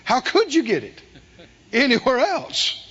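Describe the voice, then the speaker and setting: A man's voice: extremely high pitch, huge pitch swings, unhurried, bright, forceful tone, slightly rough. A man preaching a sermon to a congregation in a church hall, emphatic, asking rhetorical questions and calling for responses. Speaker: pastor. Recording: dull recording with long hall reverb.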